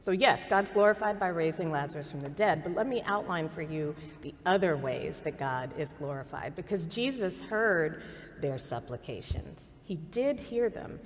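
A woman pastor delivering a sermon, earnest and measured, with dramatic pauses. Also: deep voice, in a large hall.

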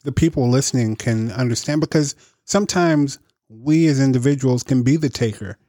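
Mellow affirming male host. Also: medium pitch, normal speed, no room sound, clean studio sound. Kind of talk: interview podcast.

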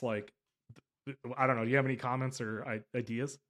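The podcast host's voice is medium in pitch, gravelly, pushed and bright, and he talks fairly quickly. In this casual interview chat he speaks at length, rambling emphatically and often correcting himself mid-sentence.

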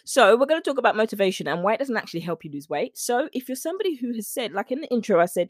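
A woman's voice: mid-range voice, big pitch swings, rapid-fire, few pauses, dry recording, clean studio sound. A woman hosting her own podcast as a nutrition coach, chatty and rambling with frequent asides. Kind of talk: solo podcast chat.

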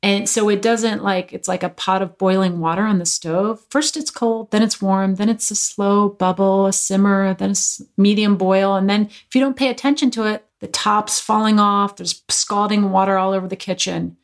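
A woman's voice: mid-range voice, fairly even intonation, normal speed, hardly any pauses. A woman guest explaining a breathing practice in casual conversation, earnest and instructive, with frank language.

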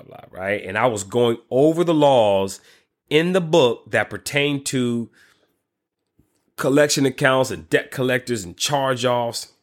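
A man who works as a credit repair coach, telling a story casually, with lots of restarts, exclamations and swearing. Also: lowish voice. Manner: animated, frequent restarts and exclamations.

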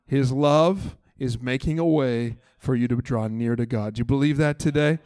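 A man's voice: mid-range voice, moderate pace, a little mellow, dry recording. A man preaching a church sermon as pastor, earnest and emphatic, with chatty asides to the congregation. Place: church service.

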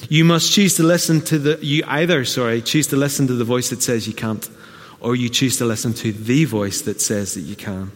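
A man preaching a conversational sermon, often slipping into quick quoted asides. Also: medium pitch, big-room sound. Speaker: pastor.

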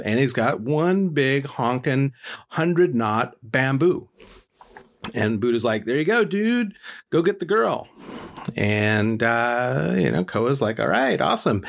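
A man's voice: mid-range voice, breathy edge. A man casually telling a folk legend, chatty and joking with many fillers. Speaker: storyteller. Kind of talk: casual storytelling.

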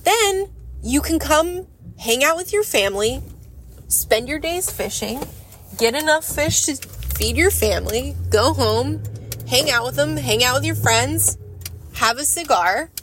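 A woman's voice: sits high, expressive, measured pace, fairly bright tone, a little hiss or hum, pitched above the performer's own voice, rough recording. A woman playing a pushy male executive. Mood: persuasive. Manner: eager, persuasive, piling on plans.

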